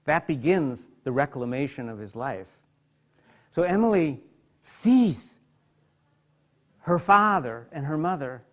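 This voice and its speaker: Slow, heartfelt male lecturer. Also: on the high side. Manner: slow, heartfelt, voice dropping soft and quiet in tender passages. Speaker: psychotherapist giving a lecture. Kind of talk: emotional lecture with literary readings. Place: hospital lecture hall.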